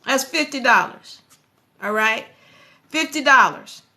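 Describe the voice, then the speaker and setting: A woman hosting a motivational live stream, talking in an animated, preachy way and speaking straight to her viewers. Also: sits high, measured pace.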